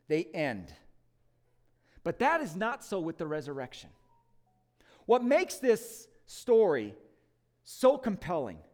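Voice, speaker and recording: A male pastor preaching in church with a high, very animated voice. He swings between loud proclamation and quiet pleading. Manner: emphatic, swinging from loud to hushed. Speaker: lead pastor. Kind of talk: Easter sermon.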